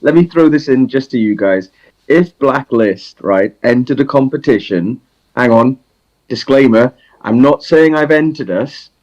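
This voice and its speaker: Lively man with a dull lo-fi sound. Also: mid-range voice, unhurried. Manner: teasing, builds up hypotheticals. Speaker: band member on a livestream. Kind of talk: casual chat.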